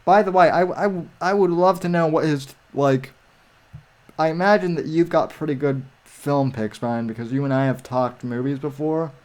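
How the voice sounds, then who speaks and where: A man's voice: on the high side, normal speed, a little mellow. A man co-hosting a casual live stream over a video call, rambling with many restarts and fillers.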